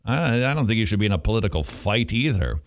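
Feverish, lively-voiced man exhorting pastors. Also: lowish voice, quick pace. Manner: feverish, emphatic, repeating for emphasis.

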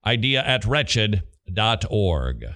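Low-pitched yet fairly bright, the voice of this middle-aged Southern American man takes on a slow, sing-song quality. He hosts a Christian radio call-in show built on questions and answers, preaching with emphasis.

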